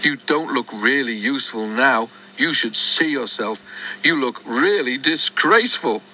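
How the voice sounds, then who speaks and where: A man's voice: mid-range voice, lively intonation, a little slow, bright, forceful tone, a little hiss or hum. A man voicing a cheeky, teasing young male engine in a storybook reading, light and mocking, on a dull lo-fi recording.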